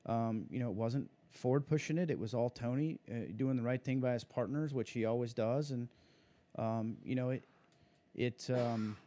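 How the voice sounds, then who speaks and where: Mellow-voiced racing driver, rambling. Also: male voice, medium pitch, moderate pace. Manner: rambling, many fillers and restarts. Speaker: guest, sprint car driver. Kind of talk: casual interview talk.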